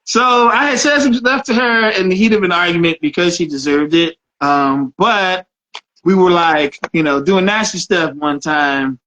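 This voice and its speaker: A man's voice: sits high, moderate pace, bright, forceful tone, muffled recording. A man co-hosting a casual chat, telling frank personal stories and laughing often. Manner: laughs often, candid storytelling. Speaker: podcast co-host.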